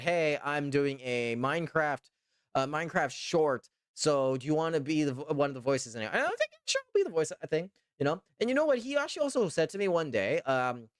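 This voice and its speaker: Lively, rambling young male streamer. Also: fairly high pitch, dry recording, clean studio sound. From Canada. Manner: rambling, repeats himself with lots of "you know" and "trust me". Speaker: VTuber streamer. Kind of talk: casual live-stream chat reading viewer comments.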